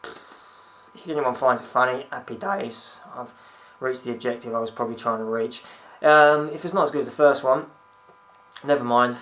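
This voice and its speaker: A man's voice: mid-range voice, steady tone, normal speed, a bit bright. A young man ranting to camera at home in a rambling, sweary, sarcastic way. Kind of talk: casual ranting vlog.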